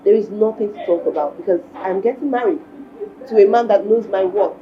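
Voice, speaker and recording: A woman's voice: mid-range voice, a little fast, dull audio, natural voice. An actress playing an angry, dismissive young woman shopkeeper with a Nigerian accent, in a film drama. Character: fed-up young woman shopkeeper, sharp-tongued.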